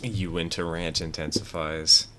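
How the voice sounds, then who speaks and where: Deep, bright-voiced male game streamer. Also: flat delivery, a little slow, slight background noise. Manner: chatty, rambling and opinionated, with fillers. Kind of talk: casual gameplay commentary, reading chat.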